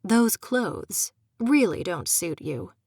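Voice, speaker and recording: A cold, sadistic young male fae, as a woman narrator puts him on, speaking low and husky with a purr. He draws his words out slowly, mocking and menacing. The storybook voice sits a little back from the mic in a dry, close sound. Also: sing-song, darkish tone, no echo, full character voice. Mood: leering.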